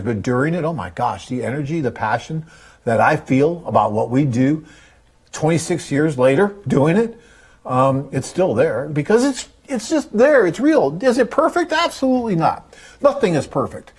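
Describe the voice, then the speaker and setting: A man's voice: medium pitch, a little mellow, breathy edge. A man, hosting a live webcast in an enthusiastic, rambling, chatty way. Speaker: host and company head. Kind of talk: casual live webcast talk.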